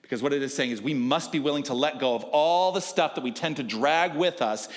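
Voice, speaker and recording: A man preaching a sermon in a casual, chatty way, laughing at himself, stammering now and then and clearing his throat, slightly short of breath from hay fever. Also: on the high side, fairly quick, long reverb tail. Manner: chatty and self-deprecating, laughs often. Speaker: minister. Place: church sanctuary.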